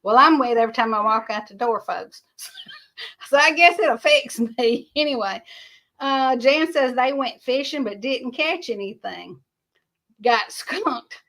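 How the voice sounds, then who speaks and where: A woman's voice: a little high, measured pace, fairly bright tone. An older woman, hosting a rambling livestream, chatting casually and answering viewer comments in a folksy way. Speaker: livestream host.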